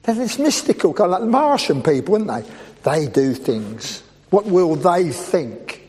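High, lively male preacher in a hall. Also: unhurried. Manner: playful, teasing asides to the congregation. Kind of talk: humorous sermon. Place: church. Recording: reverberant church hall with faint background noise.

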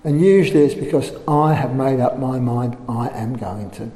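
A man's voice: medium pitch, normal speed, dark tone. An older man preaching a sermon, emphatic and full of rhetorical questions. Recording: echoey hall, faint room noise.

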